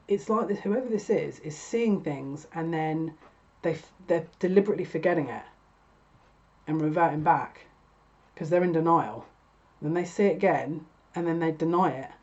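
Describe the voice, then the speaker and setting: A woman's voice: sits low, darkish tone, lo-fi sound. A woman giving a tarot card reading, chatty and exasperated, with laughing asides. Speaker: tarot reader.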